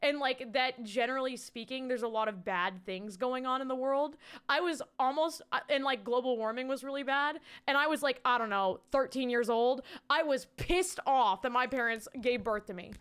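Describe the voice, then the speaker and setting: A young woman streaming live, talking loosely to her chat in a high, smooth voice. She swears freely, laughs often and breaks into loud shouted bits, speaking close to a desk microphone. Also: normal speed.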